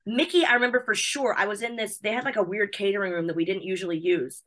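Woman from the US, rapid talker, bright tense tone, bubbly, excitable, chatty interview guest. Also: medium pitch. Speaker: interview guest, wrestling personality. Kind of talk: casual chat.

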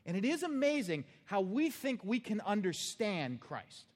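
A man's voice: sits high, big pitch swings, measured pace, in a large hall. A man preaching a sermon as pastor, telling stories in a plain, earnest, conversational way.

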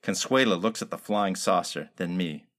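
A man reading a comic detective story aloud in a wry, deadpan hard-boiled manner. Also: deep voice, moderate pace.

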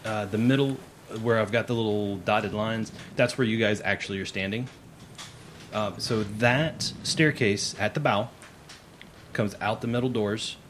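A man's voice: on the low side, slight background noise. A man narrating a tabletop game as game master, in a casual, rambling way with frequent self-corrections.

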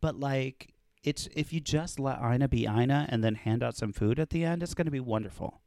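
A man's voice: mid-range voice, brisk, darkish tone, dry recording. Chatty male podcast host, dry sound. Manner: chatty, gossipy, many "like" fillers. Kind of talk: casual chat.

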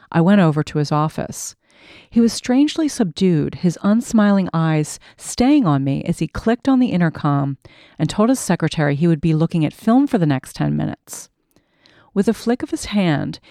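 A woman's voice: low voice, darkish tone, no room sound, clean studio sound. Wry woman narrating a memoir audiobook.

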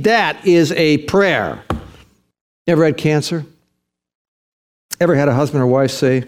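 A man's voice: a little high, unhurried, pauses often. A man preaching a sermon as pastor, conversational, building to emphatic, rising passages.

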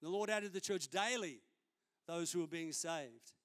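A man's voice: a little high, normal speed, fairly bright tone. A man, a senior pastor preaching a sermon in a conversational, storytelling way during a church service.

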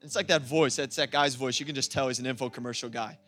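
A man preaching a lively sermon as pastor, laughing often and acting out quoted voices. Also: medium pitch, quick pace, faint music behind. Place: church.

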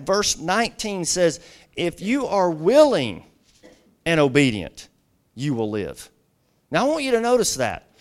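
A man's voice: on the high side, clean tone. A middle-aged man preaching a sermon as a guest pastor, telling stories conversationally with lots of "you know" asides.

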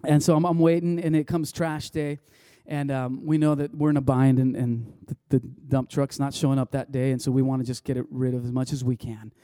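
A man's voice: mid-range voice, flat delivery, a little fast, mellow, clean tone, no room sound, studio quality. A man preaching a sermon, telling a personal story in a loose, conversational way with many restarts. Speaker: pastor.

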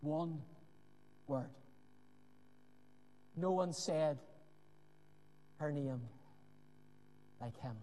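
A man preaching a sermon with earnest emphasis and dramatic pauses, often dropping to a hushed voice. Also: a little high. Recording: long hall reverb.

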